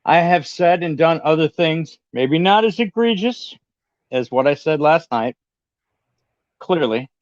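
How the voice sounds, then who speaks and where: A guest on a casual livestream chat, this Californian man speaks in a fairly high, animated voice at a slightly slow pace. He's defensive and defiant, plain-spoken, and swears now and then. The lo-fi stream audio is dry and dull, with no echo.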